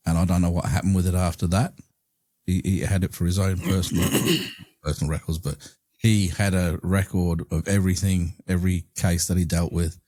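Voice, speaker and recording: Male podcast host, low pitch, dry booth sound, relaxed chatty delivery. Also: no echo. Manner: chatty, laughs easily. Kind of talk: casual chat.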